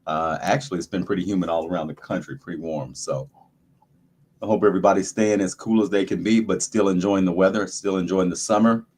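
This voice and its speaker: Very deep-voiced man hosting a livestream. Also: brisk, husky. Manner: relaxed, repetitive greetings to viewers. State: dry throat, sucking a lozenge. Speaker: livestream host. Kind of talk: casual livestream chat.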